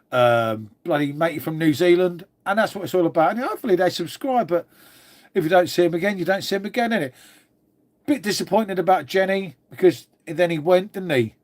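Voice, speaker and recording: Middle aged english bloke rambling on his live stream, swears a lot, voice sits a bit high. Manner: rambling, chatty, swears freely, calls everyone mate. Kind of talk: casual live stream chat.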